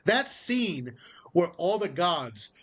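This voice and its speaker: High-voiced excited man chatting games. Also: slow pace, breathy edge. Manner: excited, swears freely, laughs while retelling scenes. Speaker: podcast co-host. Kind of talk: casual chat about video games.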